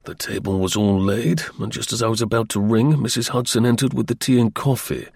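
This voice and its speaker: A man reading an audiobook narration in a steady, even storytelling manner. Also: on the low side, fairly quick, creaky, husky, no echo, studio quality.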